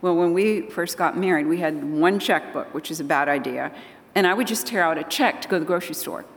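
An older woman speaking to a church audience, telling animated personal stories and acting out the conversations in them. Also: lowish voice, brisk. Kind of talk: storytelling talk to an audience. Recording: long hall reverb.

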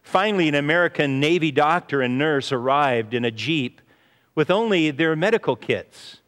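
Male preacher, sermon, earnest storyteller, fairly high voice, long hall reverb. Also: lively intonation, moderate pace, a bit bright, clear, resonant tone. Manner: earnest storytelling, often says "you see". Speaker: pastor.

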